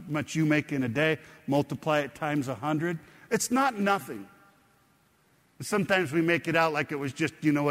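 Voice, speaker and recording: A man preaching with a fairly high voice, telling a scripture story and pausing to quiz his listeners. His words carry a long reverb, as if he stands in a large hall. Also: a bit bright. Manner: explanatory, conversational preaching with questions to the congregation. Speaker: pastor. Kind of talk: sermon.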